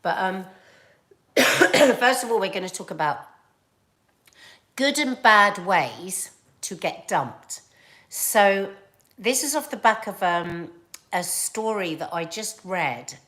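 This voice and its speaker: Woman, vlogger, casual rambling chat with fillers, mid pitch. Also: expressive, slow pace, pauses often, a bit bright. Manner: chatty and rambling, with frequent fillers and laughs.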